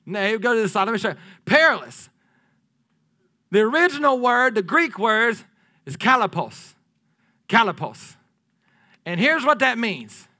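A man preaching a sermon, lively and playful, swinging from loud declarations down to hushed near-whispers. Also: very high voice, brisk, hardly any pauses. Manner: playful asides with laughter to the congregation.

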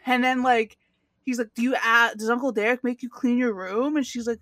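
Woman co-host, casual recap chat, bright high voice, dry close sound, giggly and filler-heavy. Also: fairly even intonation, brisk, dry recording. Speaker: podcast co-host recapping a show.

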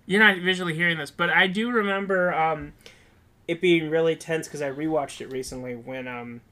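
A young man co-hosting a podcast, retelling scenes in an animated way during casual chat. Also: fairly high pitch, normal speed. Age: young adult. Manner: animated storyteller. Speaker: podcast co-host.

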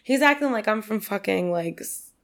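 A woman's voice: medium pitch, animated, moderate pace, gravelly, a bit bright. A woman with a New York accent, chatting as a podcast guest and telling a long story in a loose, rambling way, full of "like" and swearing. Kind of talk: casual storytelling chat.

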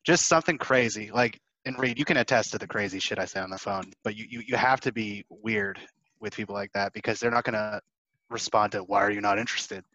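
A young man with a fairly low voice chats loosely about cold calling, slipping into little acted-out phone exchanges. The audio is dry and a little dull, like a lo-fi recording with no room sound. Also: a little fast, no room sound. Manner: animated, acts out phone exchanges. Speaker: sales panelist. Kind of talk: casual advice chat.

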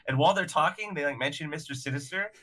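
A man co-hosting a casual chat, recapping a story with plenty of laughter. His voice is bright and forward and sits a little high. He keeps breaking into acted-out lines from the characters. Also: fast talker. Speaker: podcast co-host.

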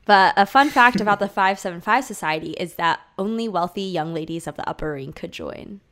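A woman's voice: medium pitch, fairly quick, a bit bright. A woman co-hosting a podcast, chatting casually and sharing fun facts about a cartoon episode, giggling now and then. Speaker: podcast co-host.

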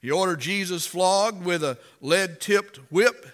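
A man preaching a sermon and reading scripture aloud, impassioned and dramatic, rising to loud emphasis. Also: sits high, unhurried, big-room sound.

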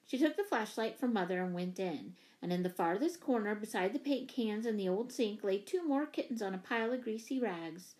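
A woman narrating a children's story in an even, expressive reading. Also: mid-range voice, fairly quick, few pauses. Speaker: audiobook reader. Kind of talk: scripted narration.

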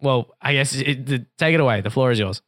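A man's voice: medium pitch, a little fast, fairly bright tone. Rambling young man chatting. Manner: rambling storyteller, swears casually. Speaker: podcast co-host. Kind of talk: casual chat.

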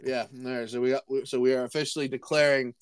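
A man's voice: medium pitch, fairly even intonation, quick pace, clean tone, no echo. A young man co-hosting a casual sports podcast, rambling and joking with a friend. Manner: rambling, joking, restarts and laughs. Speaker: podcast co-host.

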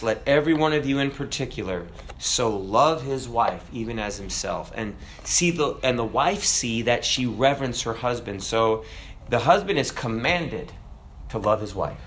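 A man preaching a sermon in an animated, emphatic way. He talks conversationally and keeps asking his listeners questions. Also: mid-range voice, a little hiss or hum. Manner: animated, emphatic, acts out voices; conversational, asks the audience questions.

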